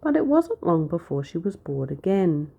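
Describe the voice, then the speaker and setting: Low, lively storybook narrator, a woman. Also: moderate pace, gravelly, slightly rough, muffled recording. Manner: lively, expressive reading. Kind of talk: storybook read-aloud.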